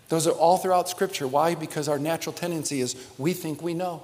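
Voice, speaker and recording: A man preaching a sermon as pastor, swinging from hushed, earnest passages to loud, animated ones. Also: on the high side, quick pace, hardly any pauses. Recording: long reverb of a large hall.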